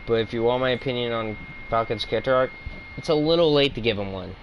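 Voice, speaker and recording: A man's voice: mid-range voice, fast, highs cut off, slight background noise. A man giving a heated, profane opinion rant as a video reviewer. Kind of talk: ranting opinion commentary.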